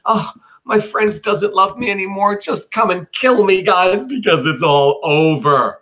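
A man's voice: high voice, unhurried, pushed and bright, pitched above the performer's own voice. A man voicing a self-pitying Roman general who pleads in a melodramatic way. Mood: whiny.

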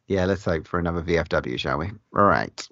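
A man co-hosts a podcast in lively casual chat, swearing heavily. His voice is very low, and the recording is dry and dull. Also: no echo. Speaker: podcast co-host. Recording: dry, muffled podcast audio.

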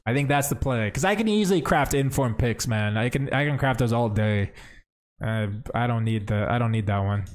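A young man streaming a game, chatting casually and thinking out loud as he plays. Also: mid-range voice, fairly quick. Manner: chatty, thinks aloud, says bro and man. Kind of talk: casual livestream commentary.

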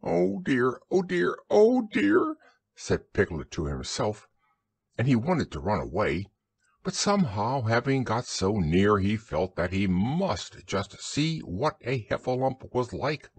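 A man narrating a bedtime children's audiobook in a soothing, expressive storytelling manner. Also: fairly low pitch, unhurried, slightly rough, no room sound.

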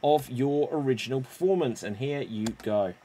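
A man hosting an online improv show, briskly introducing the games and calling for votes. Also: mid-range voice, mellow, slight background noise. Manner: brisk, upbeat, running the games.

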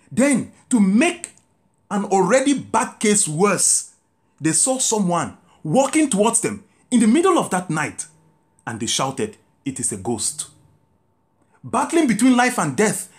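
A man, a Catholic priest preaching a meditative sermon with drawn-out, emphatic phrases. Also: high voice, big pitch swings.

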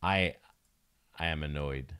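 A man's voice: a bass voice, takes it slowly, bright, forceful tone, clear, resonant tone. A man streaming himself playing a game, chatting casually, mocking himself and swearing now and then.

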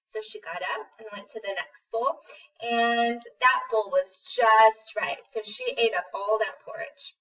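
A woman telling a children's story in a relaxed, unhurried way. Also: a little high, distant mic, muffled recording. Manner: relaxed, unhurried with some ums. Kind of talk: casual storybook narration.

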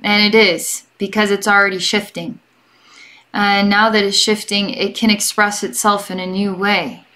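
A young adult woman giving a gentle, chatty energy healing session as a psychic, rambling and often checking in with the listener. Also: mid-range voice, flat delivery, moderate pace. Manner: gentle and reassuring toward the listener. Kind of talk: relaxed guided healing session.

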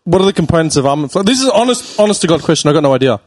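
Brief: animated male podcast co-host, teasing, laughs through his lines. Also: fairly high pitch, racing, no echo. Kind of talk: casual chat.

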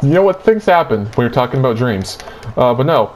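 A young man tells a dream story in casual chat, with a middle-pitched voice. He rambles crudely and loads his sentences with filler likes. A faint ambient noise hangs behind him. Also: very animated, fairly quick. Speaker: host retelling his dream.

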